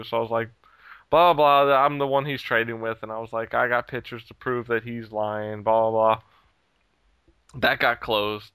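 Guy ranting about a dumb online fight, bright punchy voice, clean and dry, swears a lot. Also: mid-range voice, clear, resonant tone, no room sound. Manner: heated, profane, laughs at his own story. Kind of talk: casual storytelling rant.

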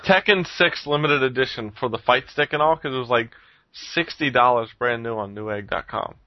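A man's voice: mid-range voice, moderate pace, dry recording, highs cut off. A man hosting a casual podcast chat, rambling with lots of ums and frequent chuckles. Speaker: podcast host reviewing games.

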